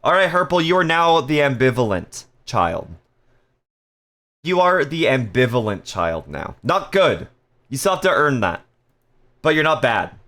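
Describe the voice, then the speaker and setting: A man's voice: medium pitch, very animated, measured pace, a bit bright. A man casually chatting on a live stream, reading viewer messages aloud with playful jokes and frequent laughter. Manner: laughs often.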